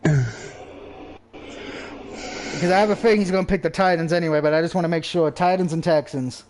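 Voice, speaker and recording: High voiced guy running a sports picks stream, jokey and swearing a lot. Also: steady tone, fairly quick, a little mellow, a little hiss or hum. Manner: joking, laughs often, swears. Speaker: host. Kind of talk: casual sports chat on a stream.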